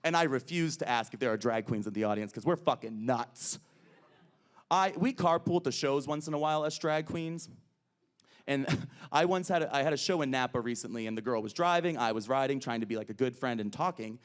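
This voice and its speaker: Brash drag comedian doing crowd work. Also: male voice, mid-range voice, a little fast. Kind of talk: stand-up comedy. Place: comedy club stage.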